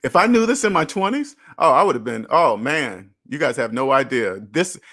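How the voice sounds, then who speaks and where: A man's voice: mid-range voice, big pitch swings, normal speed, a bit bright. A man in his thirties or older hosting a casual livestream, talking bluntly and preachily to viewers and swearing freely. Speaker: host. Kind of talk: casual livestream talk, reading and answering chat.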